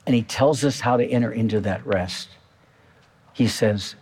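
A man's voice: medium pitch, moderate pace, a little mellow, slightly rough. A male pastor preaching a sermon in a church, talking to the congregation in a conversational way and repeating key phrases.

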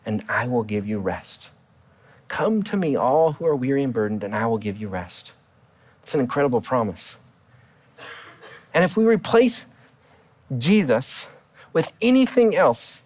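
A middle-aged man preaching a sermon as a pastor, earnest, with his voice rising and falling for emphasis. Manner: earnest, rises and drops in pitch for emphasis.

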